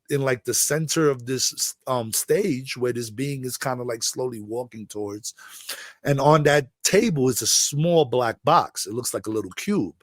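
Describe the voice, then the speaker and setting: A middle-aged man from the Bronx, recounting a long personal story as an interview guest, rambling and halting with many fillers. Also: medium pitch, no room sound, studio quality. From the Bronx, New York.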